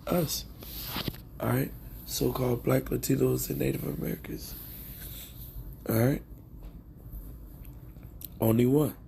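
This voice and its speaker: A man's voice: medium pitch, fairly even intonation, slow pace, gravelly, long pauses, mellow, a little hiss or hum. A man giving preachy religious commentary, reading scripture aloud and checking in with listeners again and again. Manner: preachy, keeps asking "all right?".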